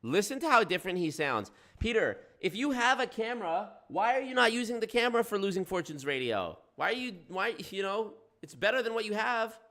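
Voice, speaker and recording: A man's voice: sits high, very animated, fairly quick, few pauses, pushed and bright. A man hosting reaction commentary, crude and mocking, swearing freely. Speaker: commentary host.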